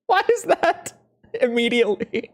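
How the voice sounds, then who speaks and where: Dude w a sore throat rambling slow while he plays, lots of pitch swing. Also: sing-song. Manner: rambling, self-mocking, laughs often. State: strained throat. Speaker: gaming streamer. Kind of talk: casual commentary while playing.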